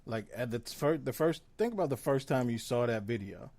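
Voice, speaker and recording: A man co-hosting a podcast, speaking in a measured, earnest way with frequent "um"s. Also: medium pitch, a little mellow. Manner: measured, earnest, filler-heavy. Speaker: podcast co-host. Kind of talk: casual podcast discussion.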